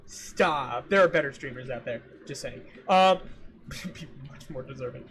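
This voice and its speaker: A man streaming and chatting casually with viewers, ranting in an animated, exasperated way and repeating himself for emphasis. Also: mid-range voice, moderate pace, slight background noise. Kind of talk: casual livestream chat with viewers.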